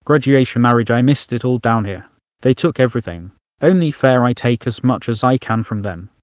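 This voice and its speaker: A man's voice: mid-range voice, normal speed, dry recording, natural voice. A man voicing a bitter, defiant female alien creature with a tail, speaking in a growl. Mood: scornful. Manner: growling, scornful.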